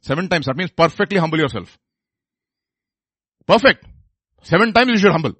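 Male preacher, fairly high and very animated voice, emphatic, questioning the audience, dry sound. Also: normal speed, slightly rough, no echo. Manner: swings from loud emphatic bursts to hushed low intensity; repeats and restarts phrases, asks the audience questions. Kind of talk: sermon.

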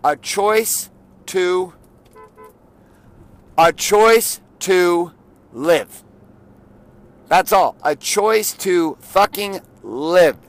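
A middle-aged man giving an intense, blunt motivational monologue, swearing often and rising at times to shouting. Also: high-pitched. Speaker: motivational podcast host.

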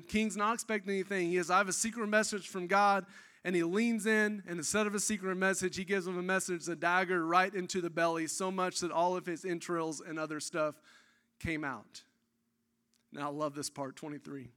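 Excitable high-voiced male preacher. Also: a little fast, smooth. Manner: animated, excitable, dramatic storytelling with casual asides. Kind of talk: energetic sermon storytelling.

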